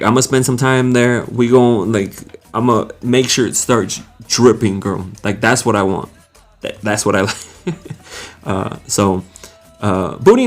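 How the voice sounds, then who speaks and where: A young man hosting a live stream, casually greeting viewers by name and reading their comments aloud with frequent laughs. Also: fairly low pitch.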